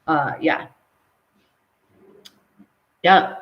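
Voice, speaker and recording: A woman who works as a medium, hosting a live stream, reading out viewer comments and preaching in an animated way that keeps ending on "right?". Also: drawn-out words, roomy sound, highs cut off.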